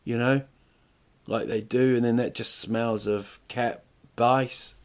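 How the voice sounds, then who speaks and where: Middle-aged man, podcast host, solo comic ramble, mid pitch, crude asides, stop-start phrasing. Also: fairly even intonation, slow pace. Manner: rambling, stop-start, crude jokes, rising rhetorical questions. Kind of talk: comic monologue.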